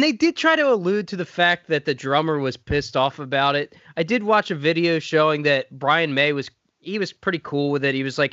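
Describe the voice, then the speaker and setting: A man hosting a podcast in casual chat, animated and swearing as he gets worked up. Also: a little high, fairly quick, hardly any pauses, dry recording. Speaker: podcast host. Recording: dry, dull lo-fi sound.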